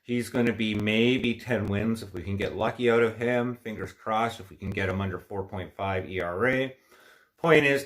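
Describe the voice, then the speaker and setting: A man's voice: medium pitch, a bit bright. A man hosting a casual livestream chat, talking in a rambling, opinionated, frustrated way, with a stuffy nose from allergies. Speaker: livestream host.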